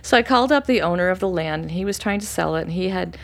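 A woman telling a personal story in casual conversation, animated, acting out quoted voices and dropping to a hushed tone for calm moments. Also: fast, vocal fry. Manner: animated, acts out quoted voices with sudden high bursts; drops to soft, hushed narration for calm moments. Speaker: interview guest.

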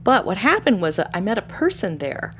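Woman guest, mid-pitched, chatty storyteller, animated with hushed moments. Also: fairly quick, a little hiss or hum. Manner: animated, acts out quoted voices with sudden high bursts; drops to soft, hushed narration for calm moments. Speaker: interview guest. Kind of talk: casual storytelling.

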